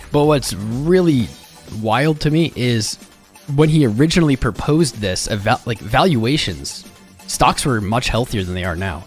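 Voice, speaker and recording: A man from the United States hosting a casual crypto live stream, laid-back and rambling, greeting chat by name, a little hoarse from losing his voice. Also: mid-range voice. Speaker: crypto livestream host. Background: music playing.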